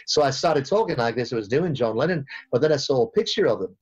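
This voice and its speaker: A man who is a cartoon voice actor, telling stories in an interview with a lively manner and bits of impressions. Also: mid-range voice, quick pace, breathy edge, dull audio. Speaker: voice actor guest. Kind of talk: interview answers, storytelling.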